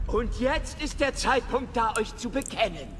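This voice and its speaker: Film dub: cruel dark wizard, slow and bright, echo trailing off. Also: male voice, very high-pitched, slight background noise, full character voice. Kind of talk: film dubbing.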